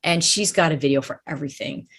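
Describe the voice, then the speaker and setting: A woman's voice: low voice, quick pace, fairly bright tone. A woman dog trainer in a casual interview chat, talking in a thoughtful, rambling way and hedging her points.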